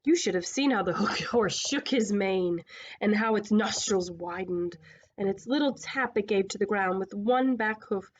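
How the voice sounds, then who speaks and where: A woman with a mid-range voice reads a children's story aloud at a moderate pace in a casual way. She stumbles over words, restarts, and drops in side remarks as she goes.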